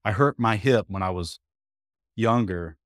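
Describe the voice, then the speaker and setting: A man's voice: fairly low pitch, a little slow, no room sound. Folksy man in his fifties, close and dry. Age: 50s. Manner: animated storyteller acting out quoted dialogue; folksy, repeats words while thinking. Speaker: interview guest. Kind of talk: casual storytelling interview.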